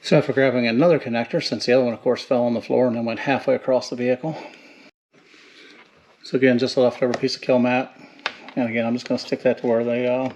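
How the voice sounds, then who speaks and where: A man casually narrating how he installs speakers in a van while he works, rambling and relaxed. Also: medium pitch, quick pace, a little hiss or hum, poor audio. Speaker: car audio DIY hobbyist. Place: inside a van, working on a door. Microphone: handheld camera.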